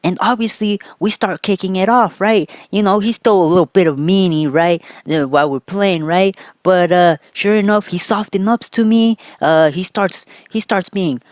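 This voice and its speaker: A man's voice: sits high, moderate pace, few pauses, dry recording. A young man telling a rambling, casual story on a vlog, loose and profane, tacking "right?" onto nearly every phrase. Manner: loose and profane, with fillers and restarts. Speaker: vlogger.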